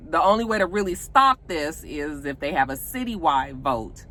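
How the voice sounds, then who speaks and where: A woman from Georgia, casually recapping a TV episode and acting out the characters' lines in quick voices. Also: deep voice, animated, sharp tone. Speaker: TV recap vlogger.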